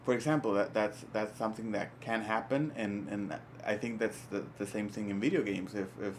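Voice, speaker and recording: A man co-hosting a podcast in casual chat, animated and emphatic, often repeating his words. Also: lowish voice, fairly quick, few pauses, slight background noise. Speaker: podcast co-host.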